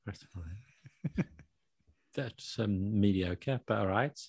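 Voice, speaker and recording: Gravelly low-voiced man explaining. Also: very slow, a little mellow, no room sound. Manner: explains with worked examples, chuckling. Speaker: host explaining slang. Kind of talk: casual explanation.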